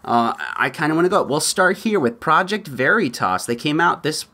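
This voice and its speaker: Chatty podcast host with lively pitch. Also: male voice, moderate pace. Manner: chatty, laughs often, lively asides. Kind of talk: solo podcast commentary.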